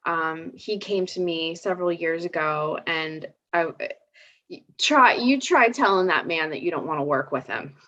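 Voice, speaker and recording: A woman's voice: lowish voice, normal speed. Chatty woman telling a rambling story. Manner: animated storytelling with many restarts and fillers. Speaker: psychic guest. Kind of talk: casual live chat. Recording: slightly dull lo-fi sound.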